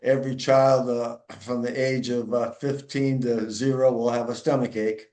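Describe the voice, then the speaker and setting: A man spins an anecdote in a loose, easygoing way, pausing often on fillers. His voice sits mid-range, and the recording has a noticeable roomy echo. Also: medium pitch, level tone, a little mellow. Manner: easygoing storyteller, many filler pauses. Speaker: podcast host. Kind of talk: casual storytelling chat.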